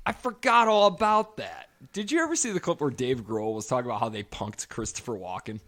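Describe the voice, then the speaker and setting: A man's voice: mid-range voice, brisk, hardly any pauses. A man co-hosting a podcast in casual chat, telling stories with lots of swearing and frequent laughter. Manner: animated storytelling, swearing, laughing often. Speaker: podcast co-host.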